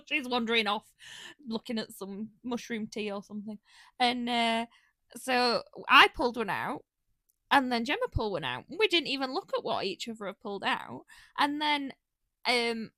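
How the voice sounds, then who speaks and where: A woman with a high, bright voice gushes through a casual podcast chat. She tells stories in an animated way and acts out her own reactions. The sound is dry and close. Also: normal speed, no room sound. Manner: gushing, animated storytelling with quoted reactions. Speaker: podcast co-host.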